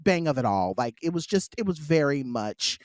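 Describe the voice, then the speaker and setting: A man's voice: fairly high pitch, moderate pace, no room sound. Chatty, playful male podcast co-host. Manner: chatty, playful, animated storytelling with many fillers. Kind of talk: casual chat.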